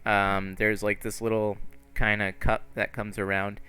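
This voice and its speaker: A man's voice: lowish voice, flat delivery, measured pace, bright, forceful tone, smooth. A man narrating a tabletop game as game master, laid-back and full of fillers. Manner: laid-back, filler-heavy, laughs often.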